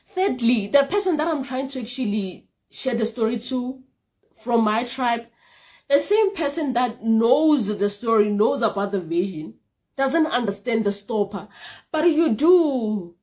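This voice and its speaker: A young woman vlogger telling a casual storytime tale, animated and repeating phrases for emphasis. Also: fairly high pitch, unhurried.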